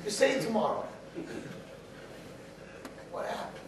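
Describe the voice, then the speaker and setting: A middle-aged man lecturing as a rabbi at a live event, swinging from quiet asides to shouting as he acts out arguing voices. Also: measured pace. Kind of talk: animated live talk. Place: large hall at a live event. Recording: distant, echoey hall recording with faint noise.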